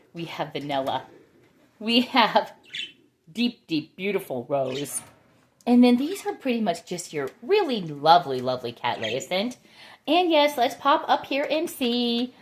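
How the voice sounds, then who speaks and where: Chatty woman with a lively voice. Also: medium pitch. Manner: chatty and enthusiastic, rambling. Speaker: orchid grower. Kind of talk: casual chat while touring plants. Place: home with plants.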